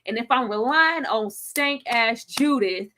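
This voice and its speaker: A woman hosting a live video-call recap, sassy and slangy, acting out characters in quick voices. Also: on the high side, lively intonation, pushed and bright, slight background noise. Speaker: podcast host. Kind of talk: animated live recap chat.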